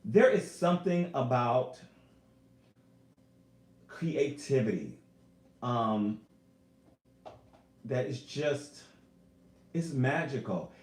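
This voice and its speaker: Speaking extremely slowly and pausing often, a man of medium pitch chats on a home live stream in an echoey room. He's a singer and YouTuber, earnest and emotional, animated as he calls his viewers "y'all."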